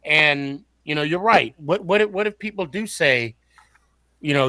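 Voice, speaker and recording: A man's voice: a little high, animated, normal speed, pushed and bright, no echo. A man hosting a casual sports podcast, often repeating and restarting words as he builds his point.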